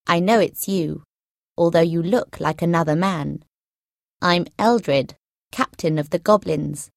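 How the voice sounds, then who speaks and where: A woman doing a loud, menacing goblin captain. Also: lowish voice, a little slow, vocal fry, no echo, studio quality. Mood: threatening. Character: angry male goblin captain, commanding and threatening.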